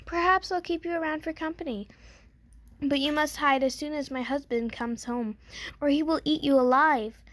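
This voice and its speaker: Big fussing giantess, booming voice, a woman putting it on, dry close sound. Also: normal speed, a bit bright, no room sound. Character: huge lonely giantess wife, fussing and booming.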